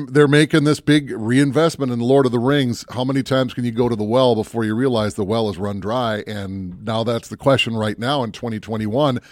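Clean, dry studio sound carries this co-host's slightly mellow, mid-range voice. On a relaxed movie chat show he meanders and thinks out loud, frequently cutting himself off partway through a thought.

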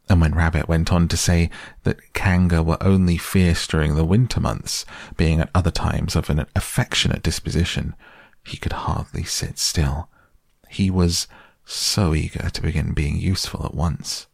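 A man reading a children's classic softly and calmly as a bedtime audiobook, close to the mic. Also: sits low, gravelly, dry recording. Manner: soft and calm. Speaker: podcast narrator.

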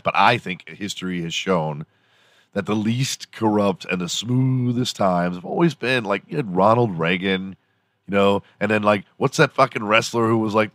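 A man's voice: on the low side, no echo, clean studio sound. A man hosting a morning show alone, ranting casually in a loose, profane, rambling way. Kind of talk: casual solo rant.

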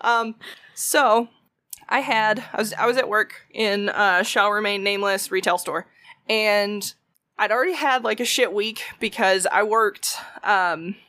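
A woman's voice: mid-range voice, unhurried, pushed and bright, dry recording. A young woman, telling a story in casual chat, swearing freely and acting out quotes.

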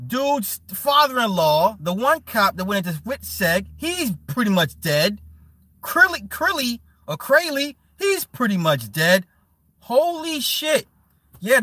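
A man hosting a casual livestream, reading chat aloud and riffing with loud laughs, mockery and swearing. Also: sits high, no room sound. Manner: animated, laughing, mocking, swearing.

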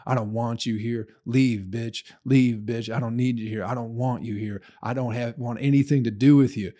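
A man voicing his broke neighbor yelling crude insults at his girlfriend. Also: mid-range voice, fairly even intonation, moderate pace, lightly acted. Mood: angry. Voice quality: crude, yelling, then pleading.

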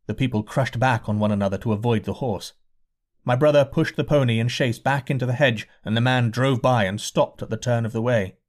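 A man reading a novel aloud as an audiobook narrator in a measured, deliberate way. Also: medium pitch. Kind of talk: scripted narration.

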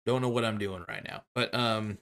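A man's voice: lowish voice, fairly even intonation, normal speed, a bit bright. A man hosting his own online show, rambling through a goofy, self-mocking sign-off that jumps between topics.

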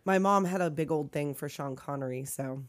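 A woman's voice: deep voice, fairly quick, dry recording. A middle-aged woman co-hosting a casual podcast. She chats about a movie in a giggly, profane way. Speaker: podcast co-host. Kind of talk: casual movie recap chat.

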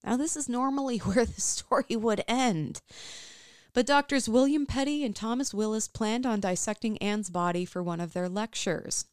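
A young adult woman hosting a podcast, telling a story in casual chat, animated, swearing freely and often breaking into laughter. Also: a little high, moderate pace, smooth, no echo, clean studio sound.

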